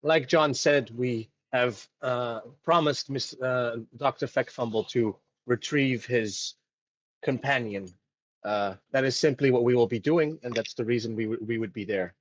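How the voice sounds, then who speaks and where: A man's voice: mid-range voice, unhurried, no room sound, close to an everyday voice. A man voicing an earnest male adventurer, speaking hesitantly with many fillers on a dull, dry mic.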